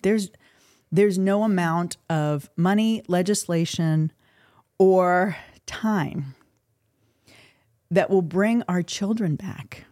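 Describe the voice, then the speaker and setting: A middle-aged woman from the United States, a guest on a podcast, telling a personal story in an earnest, halting, emotional way. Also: fairly low pitch, dark tone, no echo, studio quality. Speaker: interview guest. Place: podcast recording.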